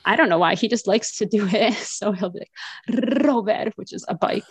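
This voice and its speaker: Chatty woman with a creaky voice. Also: mid-range voice, moderate pace, dry recording. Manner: chatty, animated, many fillers and laughs. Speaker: podcast guest, French teacher and mother. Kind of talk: casual conversational interview.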